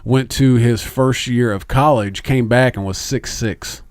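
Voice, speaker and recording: A man's voice: medium pitch, a little slow, no room sound, clean studio sound. A male podcast co-host in casual chat, swearing freely as he tells stories. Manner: profane, animated storyteller.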